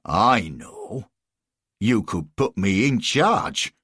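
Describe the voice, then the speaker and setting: A man's voice: lowish voice, sing-song, drawn-out words, fairly bright tone, slightly rough, no room sound, clean studio sound, full character voice. A man voicing a mournful, self-pitying football referee. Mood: hopeful.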